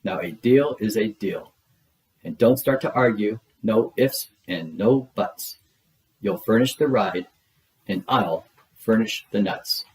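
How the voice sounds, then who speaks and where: Guy reading a kids book doing a snappy bossy little bug, kinda low voice. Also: takes it slowly, a little mellow, roomy sound, recorded from a distance, rough recording. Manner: snappy and commanding. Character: bossy tricky male bug, small and gleeful. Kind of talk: storybook read-aloud.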